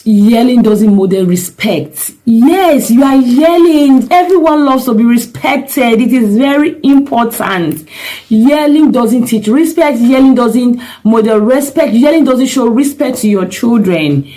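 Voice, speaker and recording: A woman's voice: on the high side, expressive, measured pace, dark tone, poor audio. A middle-aged woman, a parenting coach giving earnest, emphatic advice straight to camera and repeating her key points. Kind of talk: direct-to-camera advice talk.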